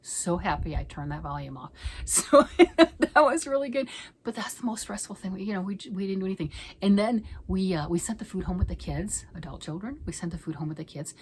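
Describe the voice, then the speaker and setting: Chatty, rambling middle-aged woman, lowish voice. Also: fast, slight background noise, rough recording. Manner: rambling and chatty, often dropping to a soft near-whisper. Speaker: knitting vlogger. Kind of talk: casual chat.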